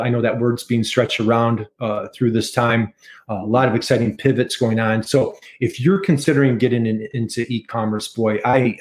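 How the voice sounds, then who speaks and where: An enthusiastic middle-aged American man talking as a guest on a podcast. His voice sits at an ordinary pitch, and he stresses his points by repeating them. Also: darkish tone. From United States. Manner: enthusiastic, repeats key figures for emphasis. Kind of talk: casual interview chat.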